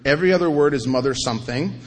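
A middle-aged man tells his recovery story with a self-mocking humor, acting out the people he quotes. His voice sits a little higher than most men's. The sound carries the long reverb of a large hall. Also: quick pace. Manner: animated storyteller, acts out quotes, self-mocking, repeats himself. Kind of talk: recovery meeting talk.

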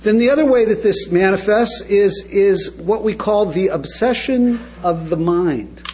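Man, high voice, recovery-meeting speaker, wry comic storytelling, direct asides to the audience. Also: animated, unhurried, a little mellow, low-quality recording.

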